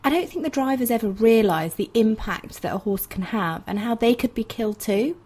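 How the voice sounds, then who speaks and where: A woman in her thirties hosting a conversation and telling a story with lively, emphatic outbursts. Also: a little high, a little fast, slightly rough. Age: 30s. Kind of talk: conversational interview.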